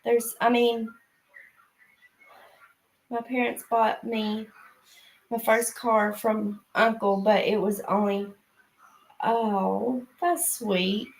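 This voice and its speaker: Middle-aged mom chatting on her live stream, kinda high voice, slow and easygoing, laughs a lot. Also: level tone, gravelly, rough recording. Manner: chatty and unhurried, with frequent laughs and fillers. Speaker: live-stream host and mother. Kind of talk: casual live-stream chat.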